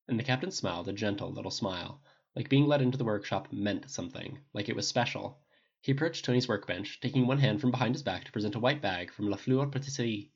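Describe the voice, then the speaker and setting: A man giving steady scripted audiobook narration on a dull lo-fi recording. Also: fairly low pitch, fairly quick, slightly rough.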